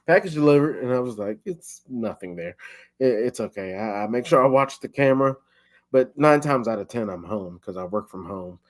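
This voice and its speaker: A young man hosting a podcast, chatting casually and acting out his own thoughts as quotes. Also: mid-range voice. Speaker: podcast host. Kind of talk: casual chat.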